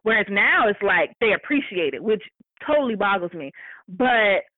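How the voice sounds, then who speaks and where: A woman's voice: mid-range voice, normal speed, dry recording. Blunt storytelling woman on a tinny line. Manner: blunt, profane, animated retelling. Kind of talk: casual storytelling chat. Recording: dry, tinny phone-like sound.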